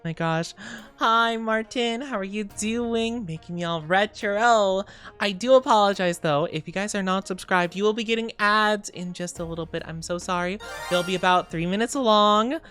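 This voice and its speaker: A woman streamer chats casually and playfully with her viewers, greeting them by name and slipping in playful sing-song asides. Her medium-pitched voice has a fairly bright tone and a normal speed, with soft music in the background.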